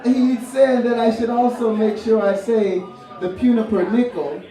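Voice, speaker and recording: A man's voice: extremely high pitch, fairly even intonation, moderate pace. A man co-hosting a live poetry night, joking with silly wordplay and rallying the audience in a bar venue. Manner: playful, silly wordplay, hyping the crowd. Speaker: poetry show co-host. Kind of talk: live hosting and playful rhyming. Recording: echoey room from a distant mic with loud crowd.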